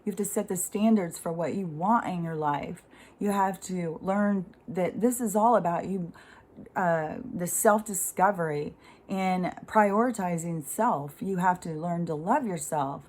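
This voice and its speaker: Middle-aged woman with a lower voice and a loose, rambling delivery for a casual spiritual monologue. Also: unhurried, darkish tone. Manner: rambling and conversational, many fillers, casual swearing. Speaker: spiritual speaker.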